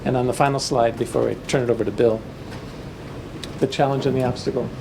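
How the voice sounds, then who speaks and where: A man leading a classroom workshop with slides, talking in halting phrases with frequent fillers and restarts. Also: mid-range voice, level tone. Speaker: workshop leader. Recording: noisy room recording.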